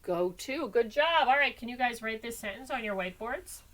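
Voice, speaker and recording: A woman teaching a recorded class lesson, animated and sing-song, calling on students by name in a classroom. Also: a little high, fairly quick, a little hiss or hum. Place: classroom with whiteboard.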